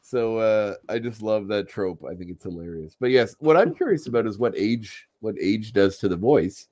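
A man's voice: lowish voice, moderate pace, no echo. Laughing, chatty man. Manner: animated, laughs often, restarts sentences. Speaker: podcast co-host. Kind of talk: casual chat.

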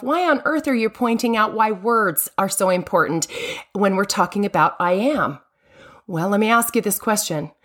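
A woman hosting a devotional podcast, speaking earnestly and lingering on key phrases for emphasis. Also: mid-range voice. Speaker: podcast host.

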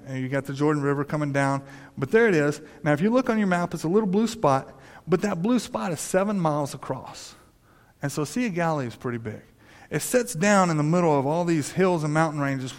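A man preaching a sermon in a conversational way, often restarting his sentences and acting out quoted voices. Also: on the high side. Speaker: pastor. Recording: long reverb of a hall.

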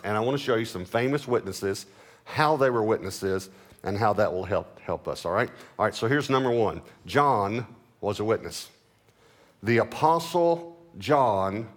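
A male pastor delivering a sermon, reading scripture aloud and stressing key words by slowing down and rising in pitch. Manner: reads scripture aloud between explanations.

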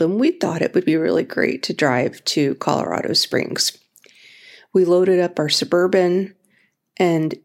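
A middle-aged woman hosts a faith-based podcast, talking through a personal story in a relaxed, conversational way. Her voice sits low and has a gravelly edge. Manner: conversational storytelling with fillers and restarts. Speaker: podcast host.

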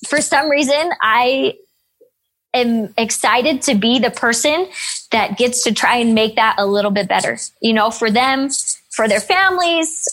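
A young woman who works as an emergency room nurse tells a story in conversation, upbeat, energetic and expressive. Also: fairly high pitch, measured pace.

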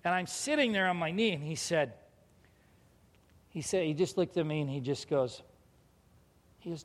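A man, a pastor, telling a personal faith story with animated feeling, acting out the people in it. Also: fairly high pitch, normal speed, pauses often, big-room sound. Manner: emotional, animated, quotes people in dialogue. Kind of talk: storytelling testimony.

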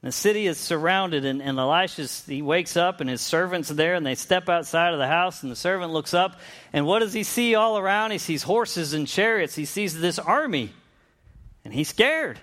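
A man delivers a relaxed, conversational sermon. His voice sits slightly high for a man. He stumbles and restarts phrases and briefly acts out the people in the stories. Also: normal speed. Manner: conversational, with frequent restarts and acted-out quotes. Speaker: preacher.

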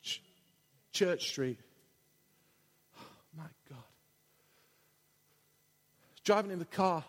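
An English man delivers an impassioned, repetitive sermon in a large church hall, his voice high-pitched and very slow with frequent pauses. The recording carries the long reverb of the hall.

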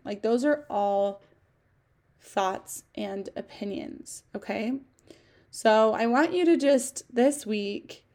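A woman with a fairly high voice hosts a solo podcast in a casual, coaching way. She talks her listeners through exercises, often checking in with "okay?", and acts out sample thoughts in quotes. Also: a little mellow. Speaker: podcast host.

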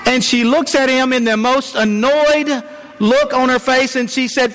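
Man, preacher, high voice, folksy sermon, frequent fillers, long church reverb. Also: measured pace, fairly bright tone. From Georgia, US. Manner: folksy storyteller, many "uh" fillers. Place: church sanctuary.

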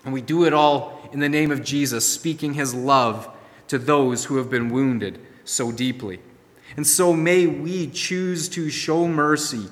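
A man preaching a sermon, telling a story and swinging from soft, hushed lines to emphatic ones. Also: mid-range voice, big-room sound. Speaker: pastor.

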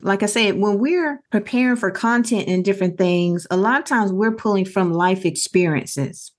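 A woman's voice: mid-range voice, moderate pace. Earnest middle-aged woman telling a story. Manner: earnest storytelling with quoted dialogue. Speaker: podcast co-host. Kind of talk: casual podcast conversation.

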